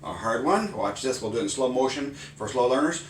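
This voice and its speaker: A middle-aged man, a math consultant, demonstrating a teaching routine and punctuating each math term with a loud karate grunt. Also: medium pitch, lively intonation, a little fast. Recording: roomy sound, mic at a distance.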